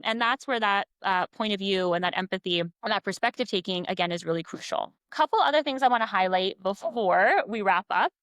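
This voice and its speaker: Woman in her 30s, counselor type, brisk explanatory delivery, dry close-mic sound. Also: medium pitch, a bit bright, dry recording. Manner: brisk, explanatory, frequent "right?" tags. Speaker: child and family counselor. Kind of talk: advice talk to parents.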